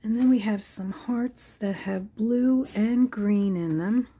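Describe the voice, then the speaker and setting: A woman hosting a casual crafting tutorial, musing aloud at an unhurried pace as she works and sometimes dropping into soft whispers. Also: medium pitch, slightly rough. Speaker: crafting channel host. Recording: faint background noise.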